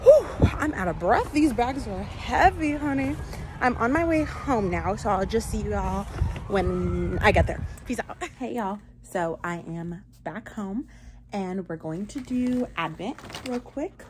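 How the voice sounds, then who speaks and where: A woman's voice: mid-range voice, unhurried, noisy background. A young woman, chatting playfully to the camera in a casual vlog. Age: young adult. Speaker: vlogger.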